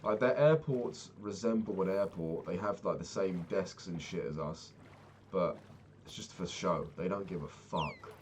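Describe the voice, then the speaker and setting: A man's voice: deep voice, a little slow, a little hiss or hum. A young man casually telling a rambling, profane travel story as a vlogger. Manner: profane, rambling, animated retelling.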